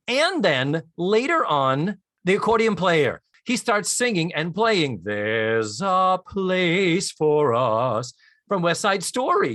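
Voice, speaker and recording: A man co-hosting a casual podcast, telling stories with lots of animation. His voice is bright and sits a bit high for a man, and it sounds dry and close. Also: no echo. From Florida, US. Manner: animated storyteller, acts out lines and hums tunes. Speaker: podcast co-host. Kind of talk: casual chat.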